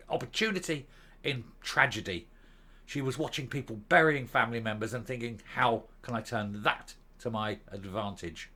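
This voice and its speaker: A man's voice: mid-range voice, pushed and bright. A man hosting his own political opinion show, ranting with scorn and sarcasm. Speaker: host.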